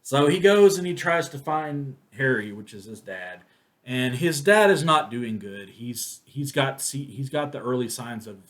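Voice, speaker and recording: A man's voice: medium pitch, fairly bright tone. A man giving a casual, rambling spoken movie review, full of restarts and fillers. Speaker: film reviewer.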